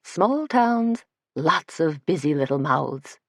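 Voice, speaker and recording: A woman's voice: low voice, lively intonation, takes it slowly, no room sound, clean studio sound, heavily acted. A woman narrator voicing a cooing, giddy male hair stylist.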